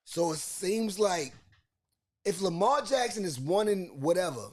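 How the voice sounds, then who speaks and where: A man with a Baltimore accent runs a loose sports podcast chat. His voice sits a little high and gets animated, and he often repeats a phrase or breaks off to restart it. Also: a little slow. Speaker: podcast host. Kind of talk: casual sports talk.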